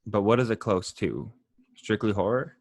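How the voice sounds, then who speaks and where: A man leading a casual book club chat, laid-back and a bit halting. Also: fairly low pitch, animated, no room sound.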